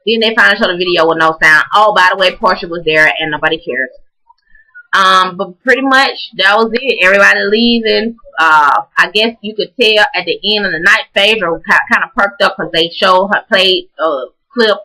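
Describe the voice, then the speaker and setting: A woman casually recapping a reality TV episode, animated and profane, acting out what people said. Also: mid-range voice, moderate pace, low-quality recording. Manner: animated, profane, acts out quotes. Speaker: recap vlogger.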